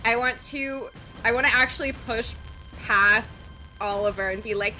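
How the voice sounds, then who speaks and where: A woman playing a tabletop game, slow and self-mocking as she decides her move. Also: on the high side, sharp tone, soft background music. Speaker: player.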